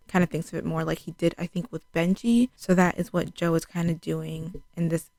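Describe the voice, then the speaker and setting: Chatty young woman with a gravelly, mellow voice. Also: on the low side, level tone, fairly quick, few pauses, dry recording. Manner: chatty, fills speech with "like", acts out quotes. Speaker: TV show reviewer. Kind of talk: casual spoken show recap.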